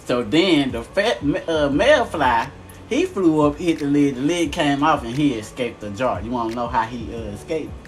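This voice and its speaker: A man hosting a live show, telling jokes and chatting in a playful, animated way. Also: medium pitch, moderate pace, faint music behind, low-quality recording. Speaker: host. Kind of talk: casual live chat.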